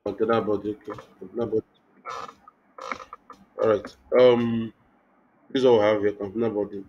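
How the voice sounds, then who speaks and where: A man's voice: lowish voice, little pitch movement, a little hiss or hum. Guy teaching web code on a call, lots of um and restarts, muffled lo-fi audio. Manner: halting, thinks aloud with many restarts and fillers. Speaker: web development instructor. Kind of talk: live online coding class.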